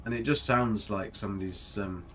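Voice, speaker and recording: A man's voice: lowish voice, moderate pace, a bit bright. Chatty man streaming a game. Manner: chatty, jokey, rambling, reads chat aloud. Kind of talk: casual live-stream commentary. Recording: faint music behind.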